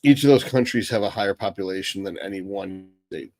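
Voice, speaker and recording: This American man runs a live stream of viewer questions, reading each aloud and giving blunt, profanity-heavy answers. He talks a little fast in a low, slightly mellow voice, and there's no echo.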